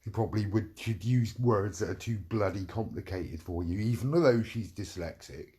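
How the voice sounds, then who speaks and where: A man's voice: fairly low pitch, normal speed, dark tone. A middle-aged man delivering a heated, profane rant, repeating himself as he vents. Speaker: vlogger. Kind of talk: angry ranting monologue.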